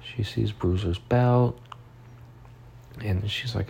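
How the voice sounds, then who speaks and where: A man's voice: fairly low pitch, normal speed, gravelly, dark tone, slight background noise. A young man telling a personal story in a vlog, rambling and swearing, tearful and upset, his voice rising and cracking with emotion.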